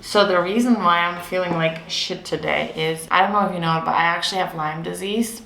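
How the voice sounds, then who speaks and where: A young woman vlogs candidly while she paints, close to tears throughout. Her voice is low-set but bright and edgy, and she swears freely. The room is echoey around her. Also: fairly even intonation, fairly quick, creaky, hardly any pauses, slight background noise. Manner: candid, tearful, swears casually. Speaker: vlogger. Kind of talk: confessional vlog while painting.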